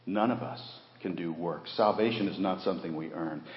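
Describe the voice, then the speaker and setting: A man with a low voice preaches a sermon in a church, building to loud emphatic peaks and posing rhetorical questions to his listeners. The sound is echoey, with a long reverb tail and a dull, muffled tone. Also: normal speed. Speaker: pastor. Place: church sanctuary.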